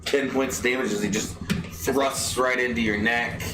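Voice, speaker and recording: A man's voice: mid-range voice, fairly even intonation, moderate pace, echoey room, background noise. A man running a tabletop game as game master, narrating the action and issuing firm orders in character. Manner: firm, commanding in-character threats.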